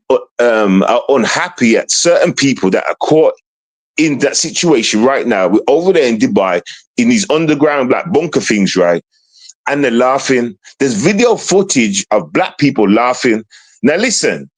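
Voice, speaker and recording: Animated, swearing man ranting. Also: fairly high pitch, poor audio. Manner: animated, swearing, rhetorical questions. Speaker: streamer ranting on news. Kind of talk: heated casual commentary.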